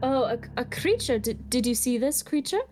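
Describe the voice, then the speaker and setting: A woman's voice: a little high, lively intonation, normal speed, darkish tone, soft background music. A nervous, giggly woman playing a tabletop game. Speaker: player.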